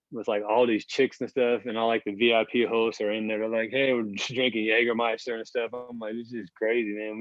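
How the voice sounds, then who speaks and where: A man's voice: medium pitch, dry recording. Man in his thirties, rambling storyteller, lots of fillers, profane, dry close sound, muffled lo-fi. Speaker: podcast guest, basketball player. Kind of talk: casual storytelling.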